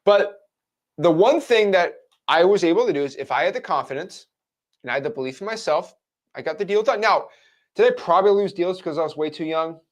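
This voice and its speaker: A man's voice: sits high, lively intonation, brisk. A man in his twenties giving a blunt, frank motivational talk to camera as a real estate wholesaling coach. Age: 20s.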